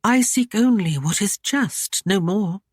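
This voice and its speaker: A woman's voice: medium pitch, lively intonation, darkish tone, slightly rough, dry recording, studio quality, pitched above the performer's own voice. A man reading an audiobook, voicing a proud and defiant young Saxon noblewoman in a raised, pointed voice. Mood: wry teasing. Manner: teasing, pointed, quick to worry.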